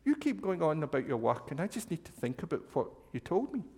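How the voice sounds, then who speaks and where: A man gently doing a wise old grandmother. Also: a little high, fast talker, slightly rough, voice pushed up. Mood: calm wise. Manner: gentle, calm storytelling. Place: church hall. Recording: long hall reverb.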